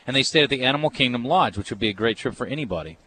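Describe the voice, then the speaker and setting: A man's voice: mid-range voice, lively intonation, very fast, pushed and bright. A man hosting a radio show, joking and easygoing as he steers the segment. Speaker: radio host. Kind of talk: casual radio banter.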